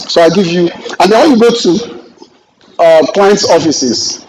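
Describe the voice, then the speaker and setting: Middle-aged Nigerian trainer, upbeat and jokey, slightly high voice, faint noise in the room. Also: male voice, moderate pace, rough recording. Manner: lively, joking, acts out client exchanges. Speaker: real estate trainer. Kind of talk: classroom lecture with anecdotes.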